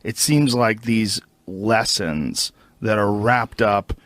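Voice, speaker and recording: A man's voice: lowish voice, slow, fairly bright tone, no echo. A man casually recounting strange experiences, rambling and filling his talk with "like". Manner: rambling, many "like" fillers.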